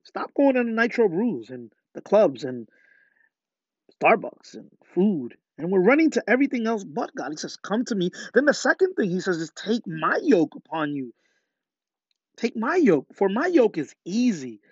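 A man's voice: sits high, very animated, moderate pace, a little mellow, slightly rough, dry recording. A man preaching a podcast sermon with fervor, often putting questions to his listeners. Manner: fervent, asks listeners rhetorical questions. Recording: dull lo-fi dry sound.

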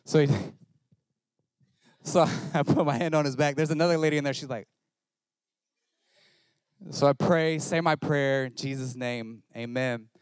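A male pastor preaching a sermon, telling a story in an animated, self-mocking way. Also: medium pitch, a little slow, pauses often, clean tone, no echo.

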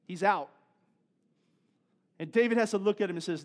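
A man's voice: high voice, normal speed, pauses often. A male pastor preaching a sermon in a conversational way, repeating himself and building to emphatic peaks.

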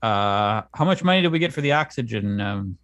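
A man co-hosting a comedy podcast, answering his partner with dry, deadpan objections. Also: on the low side, no room sound, muffled recording. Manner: deadpan, wry, quick to object. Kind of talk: casual comedic banter.

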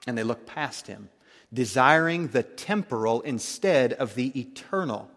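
A man preaching a sermon, emphatic, swinging between loud declarations and hushed tones. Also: medium pitch, expressive, unhurried, big-room sound.

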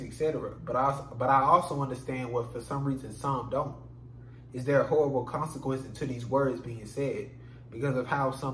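A man hosting a solo podcast, ranting in an animated, profane way, recorded in an echoey room with a faint hum. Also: medium pitch. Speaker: podcast host.

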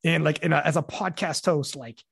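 Casting: male podcast host, slightly high voice, dry close sound, loose rambling delivery with casual swearing. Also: fairly even intonation, normal speed, gravelly, a bit bright, husky, no echo. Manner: rambling, swears, many restarts and fillers.

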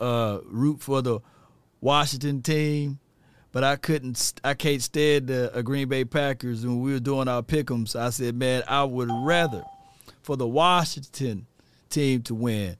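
A man's voice: mid-range voice, clear, resonant tone, no echo. A man hosting a live sports call-in show, casual and laid-back, laughing often and saying "man" a lot. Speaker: sports show host taking calls.

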